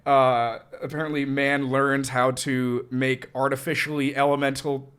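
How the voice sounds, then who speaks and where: A young man co-hosting a casual podcast, talking through an idea slowly. He hesitates and searches for words, in an average-pitched voice. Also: level tone, fairly bright tone, clean tone. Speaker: podcast co-host. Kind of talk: casual chat.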